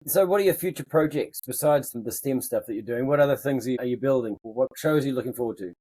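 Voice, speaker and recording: A man hosting a casual chat podcast, encouraging and quick with short replies. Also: mid-range voice, mellow, no echo, low-quality recording. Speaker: podcast host.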